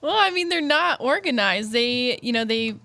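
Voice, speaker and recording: Brief: relaxed female manager, somewhat high voice, agreeable, dry studio sound. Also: moderate pace, gravelly, dry recording. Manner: easygoing, agreeable, laughs readily. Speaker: manager and co-host. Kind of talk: casual chat.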